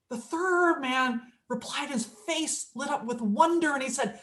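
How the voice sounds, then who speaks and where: A woman minister delivers a sermon in a relaxed, conversational way. Her voice sits high, and she tells stories as she goes, acting out the quotes. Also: unhurried. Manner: conversational storytelling with acted quotes.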